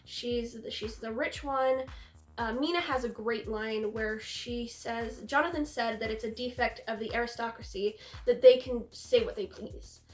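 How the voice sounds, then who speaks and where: High-voiced young woman gushing over a film. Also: moderate pace, reverberant, faint music behind. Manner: gushing, enthusiastic, acts out quotes. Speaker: film review host. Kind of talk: casual film discussion.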